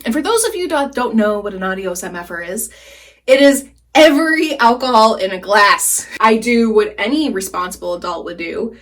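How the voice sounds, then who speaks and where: A young woman telling stories while doing her makeup, animated and swearing freely, jittery on caffeine. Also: a little high, moderate pace. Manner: animated, swearing, laughing often, squealing when excited. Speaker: beauty vlogger. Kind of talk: chatty get-ready-with-me storytelling.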